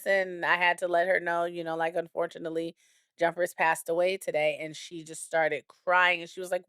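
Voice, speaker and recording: A woman's voice: fairly low pitch, steady tone, moderate pace, a bit bright, clear, resonant tone, no room sound, studio quality. A woman in her thirties co-hosting a podcast, chatting candidly and telling a family story with quoted voices. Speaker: podcast co-host. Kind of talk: casual chat.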